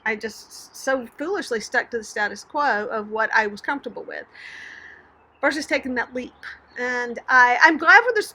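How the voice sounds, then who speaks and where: A middle-aged woman from Texas, telling a personal story to camera in a chatty, animated way. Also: on the high side, breathy edge. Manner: chatty and animated, with laughs and sighs. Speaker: writing channel host.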